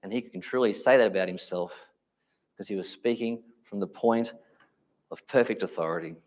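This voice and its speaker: A man preaching a sermon, speaking emphatically and slowing down to stress key phrases. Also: lowish voice.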